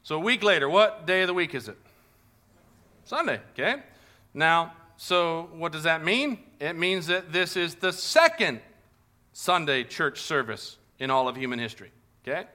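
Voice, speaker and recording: A man preaching a sermon, telling a story with animated delivery and acting out the people in it. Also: a little high, normal speed. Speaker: pastor.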